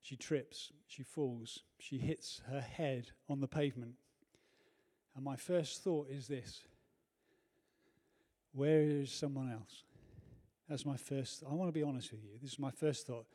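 Mellow-voiced preacher man. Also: mid-range voice, a little slow. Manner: earnest storytelling, shifts from hushed to loud. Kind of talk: sermon. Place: church.

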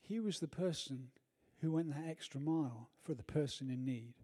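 A man preaching a sermon in a church, telling a personal story earnestly, moving from hushed to loud. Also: fairly high pitch, normal speed, slightly rough.

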